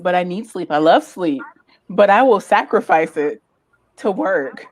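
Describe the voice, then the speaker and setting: A woman guest in a casual interview, chatting in an animated way and laughing often as she tells stories. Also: fairly low pitch, a little slow. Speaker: guest, lifestyle content creator.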